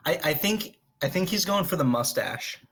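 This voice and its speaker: Husky-voiced man chatting at a game table. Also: fairly high pitch, expressive, moderate pace, fairly bright tone. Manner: rambling, laughs often. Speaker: tabletop player voicing a hobbit character. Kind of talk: casual role-play chat.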